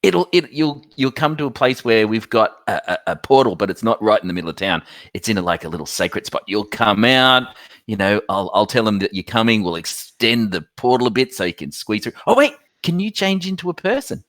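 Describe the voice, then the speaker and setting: A man's voice: lowish voice, sing-song, fairly quick, fairly bright tone, no room sound, clean studio sound. A man playing a tabletop game, persuasive and chuckling as he talks. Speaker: player. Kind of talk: in-character tabletop play.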